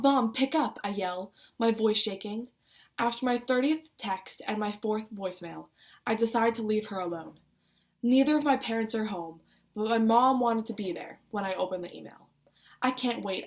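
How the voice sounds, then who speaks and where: A young woman reading her own personal essay aloud, putting feeling into her quoted lines. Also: medium pitch. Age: young adult. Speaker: student reader.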